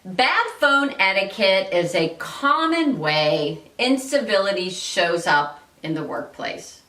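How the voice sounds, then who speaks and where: Bright-voiced woman coaching, echoey room. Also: mid-range voice, distant mic. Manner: direct, coaching, upbeat. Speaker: host and workplace-civility coach. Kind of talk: instructional talk with example scripts. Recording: echoey room, voice a bit off-mic.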